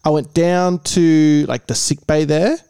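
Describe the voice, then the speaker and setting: A man's voice: fairly high pitch, fairly even intonation, a little slow, mellow, smooth, dry recording, clean studio sound. A man co-hosting a podcast, telling a rambling, sweary story in casual chat. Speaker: podcast co-host.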